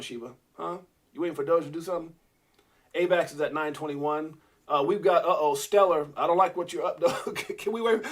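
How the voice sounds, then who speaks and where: Man, high voice, casual livestream chat, excitable, joking, talks to viewers. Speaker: crypto livestream host. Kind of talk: casual live-stream chat.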